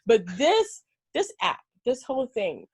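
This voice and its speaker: A woman's voice: high-pitched, measured pace, breathy edge, dry recording, studio quality. A woman hosting an interview show, playful and chatty, laughing often and joking with her guest. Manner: playful, animated, laughs often, uses "like" and "y'all". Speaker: show host. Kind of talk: casual interview chat.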